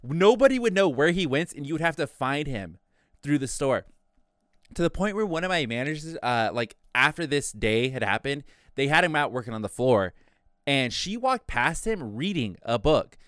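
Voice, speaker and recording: Speaking at a normal pace, a young man with a slightly high, somewhat bright voice and big pitch swings chats casually on a podcast. He meanders through a long workplace tale, voicing his coworkers along the way, in a clean, dry studio recording.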